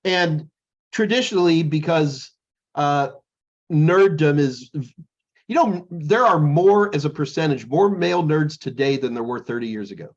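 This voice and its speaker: A man's voice: on the high side, lively intonation, unhurried, lo-fi sound. A man co-hosting a podcast in casual chat, telling jokey, rambling stories. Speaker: podcast co-host.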